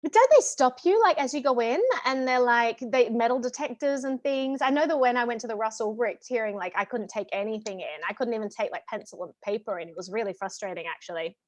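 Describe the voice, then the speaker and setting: A woman hosting a casual interview, animated and playful, laughing easily. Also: a little high, quick pace, hardly any pauses, no echo. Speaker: host. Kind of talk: casual chat.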